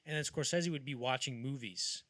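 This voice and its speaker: A man's voice: medium pitch, moderate pace, no echo. A man hosting a podcast, telling film-history stories in casual chat and acting out the quotes as he goes. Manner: animated storyteller acting out quotes. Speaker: podcast host.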